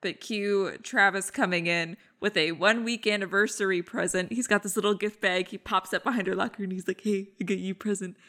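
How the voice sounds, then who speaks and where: A woman's voice: fairly even intonation, fairly quick, few pauses, pushed and bright. A woman hosting a podcast, chatting casually through an episode recap and acting out quoted lines. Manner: chatty, acts out lines with pitch jumps. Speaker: podcast host.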